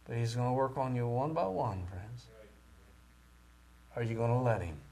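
A man preaching a sermon with great passion, rising to loud cries and dropping to near-whispers. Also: mid-range voice, expressive, moderate pace. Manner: impassioned, swings from shouting to near-whispers.

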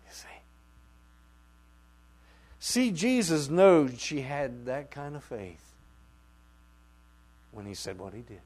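A man preaching a sermon, swinging from quiet asides to loud outbursts and acting out the voices he quotes. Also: medium pitch, big pitch swings, moderate pace, long pauses, breathy edge.

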